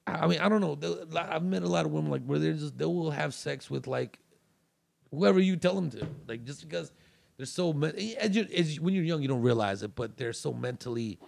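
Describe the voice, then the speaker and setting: A man's voice: fairly high pitch, a little fast, vocal fry. A male comedian guest on a podcast telling a story in a loose, rambling way with many restarts. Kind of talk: casual storytelling.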